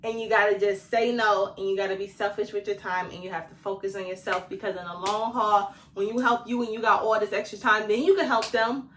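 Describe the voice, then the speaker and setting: A woman's voice: mid-range voice, fairly even intonation, a little fast, few pauses, a bit bright, slight background noise. Chatty woman vlogger in an echoey room. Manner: chatty, slangy, talks straight to viewers, laughs often. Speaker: vlogger giving self-care tips. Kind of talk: casual talk to camera. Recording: echoey room, mic at a distance.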